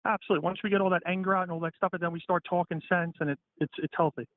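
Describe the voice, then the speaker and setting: Fast-talking male caller on a tinny phone line. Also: high-pitched, steady tone, dry recording. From the Bronx, New York. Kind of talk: phone call-in conversation.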